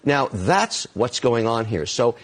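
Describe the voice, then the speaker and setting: A man's voice: medium pitch, big pitch swings, takes it slowly. A middle-aged man lecturing emphatically about investment in an interview clip played back on a stream. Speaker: business commentator in a clip.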